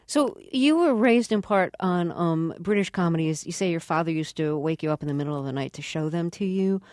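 A woman hosting an interview, asking questions in a measured, curious way and setting up clips. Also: fairly low pitch, lively intonation, darkish tone, dry recording, studio quality. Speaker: interview host.

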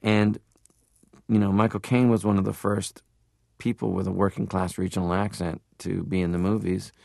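A man from Canada, an interview guest, telling animated stories and slipping into impressions. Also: low voice, moderate pace, gravelly, no room sound, clean studio sound. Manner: animated storyteller who drops into impressions. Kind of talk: interview talk.

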